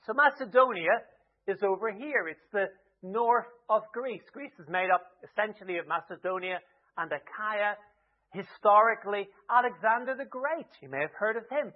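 A man preaching a sermon, retelling a story in a lively way with humorous asides. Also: high-pitched, normal speed. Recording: tinny phone-like lo-fi sound.

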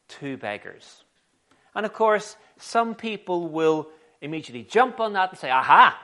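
A man preaching a sermon in an animated, conversational storytelling way. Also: high voice.

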